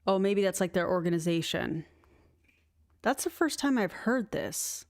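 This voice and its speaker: A woman's voice: lowish voice, expressive, a little slow, a little mellow, no echo. Sarcastic chatty woman host, dry close sound. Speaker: YouTube commentary host. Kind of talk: livestream reaction commentary.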